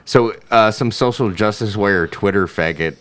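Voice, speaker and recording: A man's voice: fairly low pitch, normal speed, fairly bright tone, slight background noise. A man talking in profane, casual banter, ranting with lots of "like" and "dude" fillers. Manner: crude, ranting, slips into mocking put-on voices.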